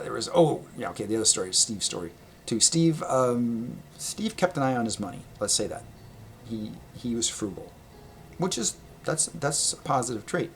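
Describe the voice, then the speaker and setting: A man casually telling a personal travel story, rambling and correcting himself, laughing often and getting animated when he quotes people. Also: medium pitch, a little hiss or hum. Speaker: vlogger.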